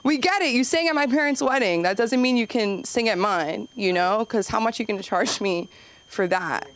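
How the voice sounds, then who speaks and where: A woman's voice: mid-range voice, normal speed, dry recording. A woman doing a stand-up set at an open mic, rambling through self-deprecating asides. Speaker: stand-up comedian.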